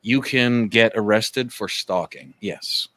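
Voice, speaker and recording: Lower male voice from Canada, emphatic and expressive, dry close sound. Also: slow, no echo. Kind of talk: casual live-stream chat.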